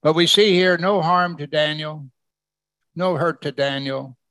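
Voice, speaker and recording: A man's voice: fairly high pitch, fairly even intonation, a little slow, sharp tone, no room sound. A man preaching a conversational sermon, reading scripture verse by verse and putting questions to his listeners. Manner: conversational, asks the congregation questions. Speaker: pastor.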